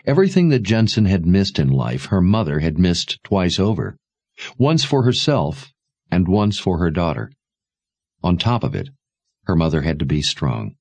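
A man narrating a novel aloud in a measured, expressive storytelling manner. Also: deep voice, gravelly, dry recording. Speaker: audiobook narrator. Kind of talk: scripted narration.

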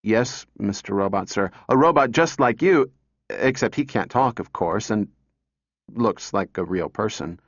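A man's voice: on the low side, expressive, measured pace, dry recording. A man voicing a small girl who talks in an earnest, polite, breathless way. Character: small pleading girl searching for her robot. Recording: dull dry recording.

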